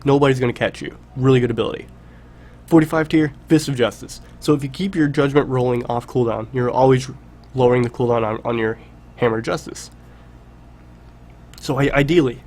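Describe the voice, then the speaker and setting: A man with a congested, nasal voice from a cold, casually talking through a game tutorial in a relaxed, chatty way. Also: medium pitch. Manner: relaxed, chatty, emphatic repetitions. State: congested, stuffy nasal voice from illness. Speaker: game guide creator.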